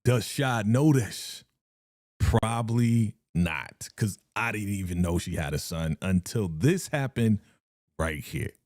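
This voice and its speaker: A man reacting live to a TV episode, his pitch swinging up and down as he gets worked up. He talks in loose slang, laughs, and acts out the characters' lines. His voice is mellow and close, with a dry sound. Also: no room sound. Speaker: reaction streamer.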